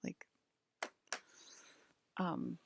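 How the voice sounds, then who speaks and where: A woman's voice: drawn-out words, no room sound. A young woman vlogging, telling a rambling casual story full of filler words.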